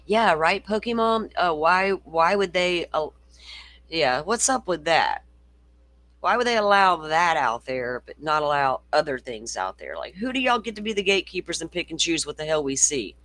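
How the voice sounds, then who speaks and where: A man's voice: on the high side, sing-song, normal speed, bright, forceful tone. A middle-aged man hosting a casual true-crime livestream, swearing freely and reading viewer comments aloud. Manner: profane, ranting, reads viewer comments aloud.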